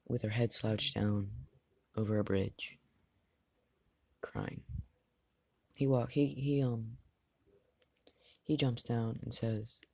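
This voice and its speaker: A man's voice: medium pitch, vocal fry, darkish tone, no echo. A man improvising and narrating a fan story aloud, thinking as he goes and often restarting his sentences.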